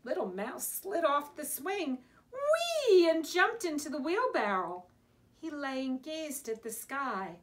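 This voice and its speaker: A woman's voice: high-pitched, lively intonation, measured pace, a bit bright. A woman, a preschool teacher, reading a picture book aloud to young children in a sing-song storytime manner.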